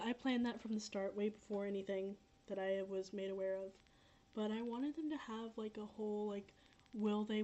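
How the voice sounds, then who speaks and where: A young woman talking casually on a livestream, her pitch sitting in an ordinary middle range. She rambles, fills pauses with "um" and "like," and says things again and again. The sound is a little dull and lo-fi. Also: warm tone. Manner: rambling, filler-heavy, repeats herself. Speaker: livestreaming creator. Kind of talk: casual livestream chat reading comments.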